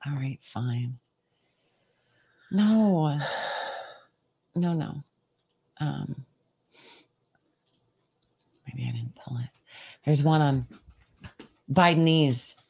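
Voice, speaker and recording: A woman's voice: deep voice, very slow, creaky, long pauses, mellow, slightly rough. A woman hosting a podcast, chatting casually while cueing up clips. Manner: chatty, playing clips for co-host. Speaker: podcast host. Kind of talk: casual chat.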